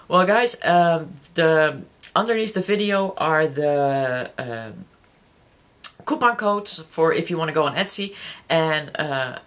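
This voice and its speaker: A YouTuber speaking to subscribers in a casual personal vlog, halting with many restarts and fillers, openly emotional and heartfelt. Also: mid-range voice, a bit bright.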